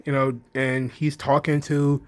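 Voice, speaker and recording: A man's voice: mid-range voice, level tone, measured pace. A man giving a loose, rambling casual recap, filling his talk with "you know" and "kinda". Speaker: wrestling show reviewer.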